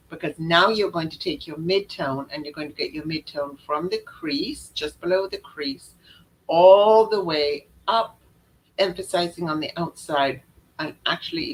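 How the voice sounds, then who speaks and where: A woman's voice: fairly low pitch, rough recording. A woman giving a chatty makeup lesson, showing steps on camera and often repeating or correcting herself. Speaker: makeup instructor. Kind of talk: live makeup tutorial.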